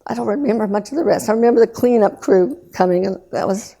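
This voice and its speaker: A woman in her sixties, a guest telling a painful personal story in an earnest, subdued way, halting with restarts and trailing pauses. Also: medium pitch, vocal fry, dark tone. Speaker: guest recounting loss.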